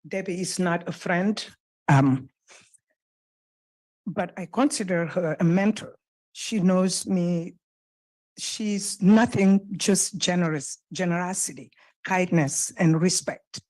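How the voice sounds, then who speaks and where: A woman with a French accent, a native French speaker, giving an earnest, halting public comment at a podium microphone in a council chamber. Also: fairly low pitch, darkish tone. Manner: earnest, halting, with pauses and restarts. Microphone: podium microphone, close.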